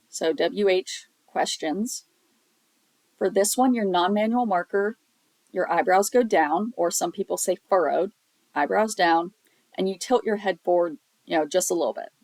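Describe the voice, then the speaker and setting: A woman's voice: fairly low pitch, darkish tone, no echo, poor audio. Patient woman teaching, dry close sound. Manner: patient, explanatory, with frequent um fillers. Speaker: sign language teacher. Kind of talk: recorded classroom lesson.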